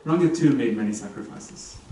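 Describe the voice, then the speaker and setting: A man's voice: medium pitch, animated, fairly quick, dark tone. A young man giving a humorous, teasing wedding speech about the couple. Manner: playful, teasing storytelling. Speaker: wedding ceremony speaker. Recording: echoey distant venue sound with ambient noise.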